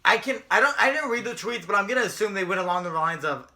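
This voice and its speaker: A man's voice: high-pitched, animated, fast, few pauses, sharp tone. A young man co-hosting a casual chat show, ranting and mocking with lots of swearing. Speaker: podcast co-host.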